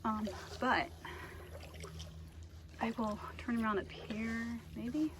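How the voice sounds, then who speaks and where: A woman vlogging from a kayak on a lake outdoors, whispering in awe into a handheld camera and breaking into excited exclamations. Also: fairly high pitch, slow, background noise. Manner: hushed, awed whispering. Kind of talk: outdoor adventure vlog narration.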